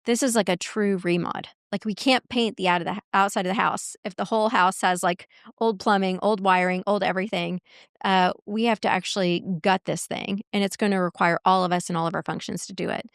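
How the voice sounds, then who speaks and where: A woman guest in a podcast interview, telling workplace stories in an animated way and acting out quoted dialogue. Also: medium pitch, a little fast, dry recording, studio quality. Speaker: guest, marketing executive and coach.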